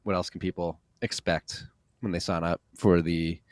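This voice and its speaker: A man's voice: deep voice, steady tone, normal speed, darkish tone, dry recording, clean studio sound. A man hosting a podcast in casual, jokey chat, a little tired after a workout. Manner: laid-back, jokey. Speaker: podcast host.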